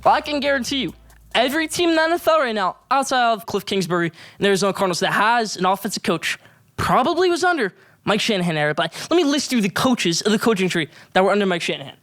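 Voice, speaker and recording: A high-voiced man hosting a sports show, ranting hard about coaches and players. He jumps up in pitch and punches his points with loud, fired-up emphasis. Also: big pitch swings, quick pace. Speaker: sports podcast host. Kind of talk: solo sports rant.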